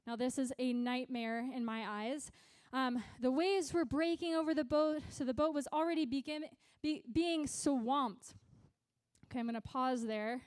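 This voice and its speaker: A young adult woman giving a youth sermon, chatty and animated, with lots of "like" and "right?" tag questions. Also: sits high, measured pace, no echo. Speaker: youth pastor.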